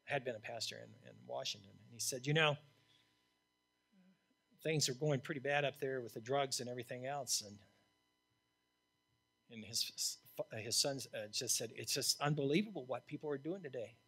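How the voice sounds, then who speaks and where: An older man, an interim pastor, preaching a sermon in a blunt, emphatic way that swings from loud to hushed. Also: mid-range voice, normal speed, creaky, long pauses, husky.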